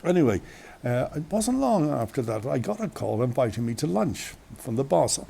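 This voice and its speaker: Irish male radio host with a mellow, gravelly voice; chatty, meandering anecdotes outdoors. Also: medium pitch, big pitch swings, normal speed. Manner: chatty, digressive, many restarts and asides. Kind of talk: rambling anecdotal storytelling. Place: outdoors on a windy day. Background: wind.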